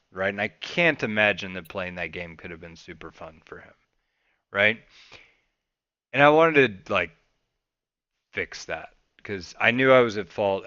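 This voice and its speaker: Male podcast host, animated storyteller, smooth clear tone, dry close sound. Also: on the low side, no room sound, lo-fi sound. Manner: animated, swears freely, voices his past rants loudly.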